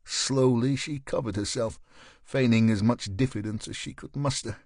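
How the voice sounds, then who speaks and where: A male narrator reading a crime thriller audiobook in a measured, even manner. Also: mid-range voice, no echo, clean studio sound. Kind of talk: scripted narration.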